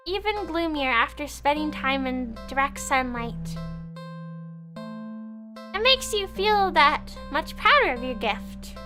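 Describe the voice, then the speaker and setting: A young woman streamer reading a visual novel aloud, playful and expressive, with squeaky gasps, giggles and asides to her viewers. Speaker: streamer and voice actress.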